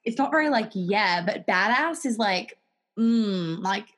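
A woman with an Australian accent, co-hosting a podcast in casual chat, breezy and quick with casual swearing. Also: medium pitch. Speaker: podcast co-host.

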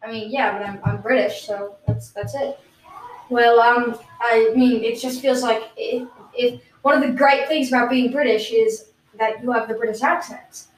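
A woman's voice: fairly high pitch, moderate pace, slight background noise, natural voice. A woman playing an unconvincing British guest. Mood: deadpan. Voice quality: plain American-sounding voice. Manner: rambling, deadpan nonsense. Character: self-proclaimed British guest, not convincing. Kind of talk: improvised comedy podcast. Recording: roomy, distant mic.

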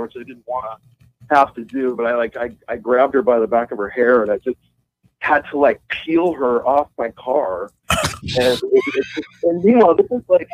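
A man's voice: medium pitch, moderate pace. Rambling man telling a story over a muffled line. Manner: rambling, swears freely, laughs through the story. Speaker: guitarist calling in as guest. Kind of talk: casual storytelling over the phone. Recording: muffled call-in phone line.

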